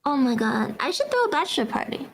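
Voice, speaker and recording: Woman, French accent, game stream chat, giggly, high voice, lively pitch. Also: fast. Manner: giggly, laughs often, playful. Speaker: guest streamer.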